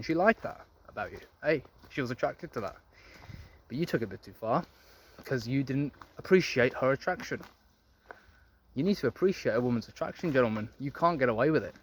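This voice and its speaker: A man's voice: medium pitch, slight background noise. Blunt, profane young man preaching. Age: young adult. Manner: blunt, profane, preachy, addresses viewers as gentlemen. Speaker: men's self-improvement vlogger. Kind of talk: casual monologue to camera.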